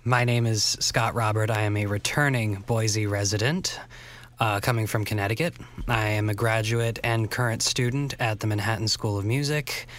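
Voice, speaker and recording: A man's voice: on the low side, steady tone, moderate pace, a bit bright. Young man pianist introducing himself. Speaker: pianist and composer. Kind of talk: self-introduction.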